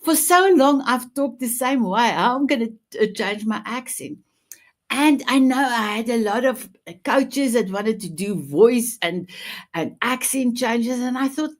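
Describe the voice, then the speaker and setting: A woman in her fifties with a non-native English accent, hosting a talk show with effusive, direct warmth toward her audience. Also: a little high, expressive, measured pace. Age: 50s. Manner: effusive, addresses audience directly, leads breathing exercise. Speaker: show host. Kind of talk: enthusiastic talk show opening.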